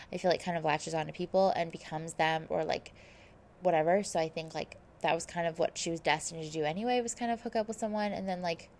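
A young woman recapping episodes in casual chat, rambling and quoting people, with "like" in almost every phrase. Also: lowish voice. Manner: rambling, says "like" constantly, quotes people in retelling. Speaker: reality TV recap host.

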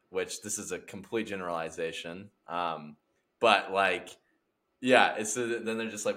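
A man's voice: deep voice, unhurried, pushed and bright. A young man in casual chat, rambling and acting out silly scenarios with lots of laughter. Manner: rambling, acts out bits, laughs a lot.

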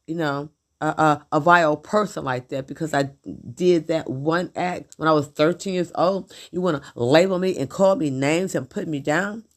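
A middle-aged woman venting in a blunt, profane, repetitive monologue about her husband. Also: fairly low pitch. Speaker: vlogger.

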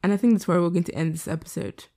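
A young woman talks through her solo podcast late at night, candid and rambling, with a tired edge. Her voice is low, mellow and gravelly with plenty of fry. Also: very fast. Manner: rambling, candid, self-deprecating. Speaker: podcast host. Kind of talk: casual solo podcast chat. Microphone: laptop setup.

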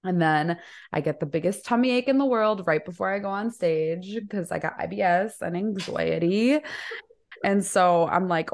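Guest: young woman with a lowish voice, chatty, laughs and curses through her stories. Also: normal speed, a little mellow. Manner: laughing, swearing storyteller. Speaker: guest musician. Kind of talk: casual chat.

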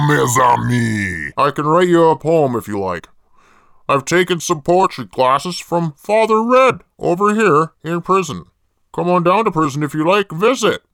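A man's voice: fairly high pitch, a bit bright, no echo. A man doing a gleeful, vulgar jailed killer. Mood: smug. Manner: mock-poetic, profane taunting. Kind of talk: comedic impression bit.

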